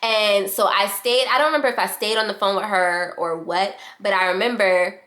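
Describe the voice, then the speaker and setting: A young adult woman vlogger telling a casual storytime in a fast, animated way, acting out the quotes. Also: mid-range voice. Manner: fast-talking, animated retelling with quoted voices.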